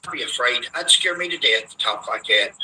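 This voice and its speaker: A man's voice: mid-range voice, expressive, a little fast, bright, forceful tone, rough recording. A man putting on a mocking voice of a timid, preachy pious man in a sing-song parody. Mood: mock-fearful.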